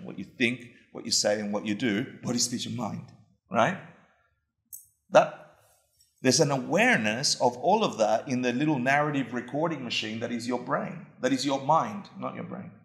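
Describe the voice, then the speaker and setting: Man, dharma teacher, gravelly voice, self-mocking chatty talk, echoey room. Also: medium pitch, fairly bright tone. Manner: conversational and self-mocking, asks the audience questions.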